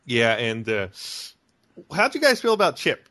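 A man co-hosting a casual podcast chat, excitable, laughing often and restarting his sentences. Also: medium pitch, a little slow. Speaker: podcast co-host. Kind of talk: casual podcast chat about an animated movie.

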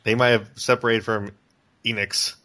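A man's voice: lowish voice, moderate pace. A man co-hosting a podcast, chatting casually and reacting with lots of exclamations. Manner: excitable, reacts with frequent exclamations. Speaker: podcast co-host. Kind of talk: casual chat.

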